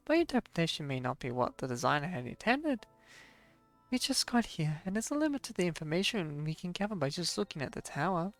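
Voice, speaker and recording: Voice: mid-range voice, sing-song, brisk, faint music behind. A streamer reading a game story aloud, stumbling over hard words and adding chatty asides.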